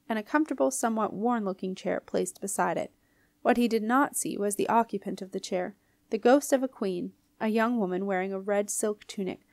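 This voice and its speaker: Female audiobook reader, expressive storytelling, mid pitch, very dry sound. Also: no echo. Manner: clear, expressive reading. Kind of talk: storybook narration.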